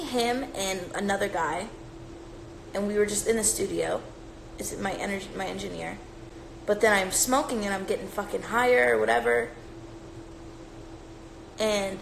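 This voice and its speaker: A woman in her twenties with a smoky voice, rambling and joking profanely on a casual phone livestream at home. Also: medium pitch. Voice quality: smoky, gravelly. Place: room at home with her cat. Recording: echoey room, faint noise.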